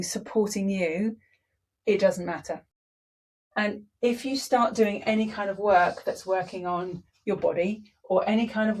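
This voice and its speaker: A woman teaches public speaking in a lively, emphatic way. She speeds up and slows down on purpose to make her points. Her voice sits at a medium pitch and has a soft, slightly husky, breathy edge. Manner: energetic, emphatic, varies her pace on purpose.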